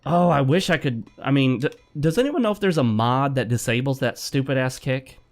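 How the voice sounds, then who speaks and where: A man's voice: mid-range voice, fairly quick. A man talking through a video game in a loose, chatty way, with an ordinary mid-range voice. He drifts between musing and frustrated rants at the game's controls. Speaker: gaming commentator. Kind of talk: let's play commentary.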